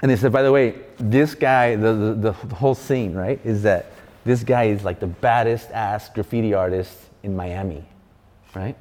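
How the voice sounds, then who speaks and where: A man guesting on a casual chat, telling a story with animated energy and plenty of swearing, and acting out other people's lines. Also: on the low side, normal speed. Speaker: guest graffiti artist. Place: large arts venue room. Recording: echoey hall.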